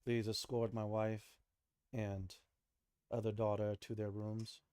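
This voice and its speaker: A man's voice: lowish voice, flat delivery, slow, darkish tone, clean tone, dry recording, clean studio sound. A man voicing a stern, formal king and father who gives orders. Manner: formal and commanding.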